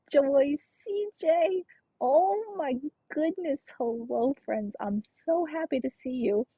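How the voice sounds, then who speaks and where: A young woman game streamer chatting casually and excitedly, gushing greetings to her viewers with a breathy voice. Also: high-pitched, no room sound, dull audio. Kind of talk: casual live-stream chat.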